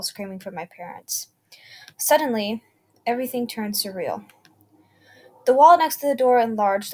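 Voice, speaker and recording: A woman narrating a first-person horror story, reading unevenly with slips and self-corrections. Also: a little high. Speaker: channel host reading creepy stories.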